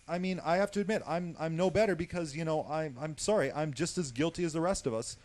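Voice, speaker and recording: A man's voice: on the high side, fast, a little mellow. Heated, profane male talk show host. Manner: heated, profane, says "basically" a lot. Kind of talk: casual radio talk show chat.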